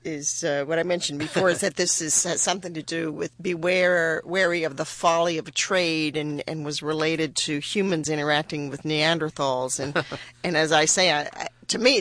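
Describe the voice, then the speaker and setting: A woman talking as a guest on a radio show in a studio, animated and quick to laugh. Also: low-pitched. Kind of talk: radio interview.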